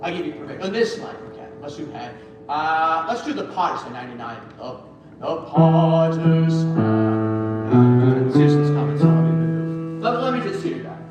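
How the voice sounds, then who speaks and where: A man's voice: on the high side, very animated, quick pace, dull audio. A man directing a choir rehearsal, coaching singers and singing short phrases to show them how. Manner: coaching, sings phrases to demonstrate. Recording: echoey, far from the mic, with music.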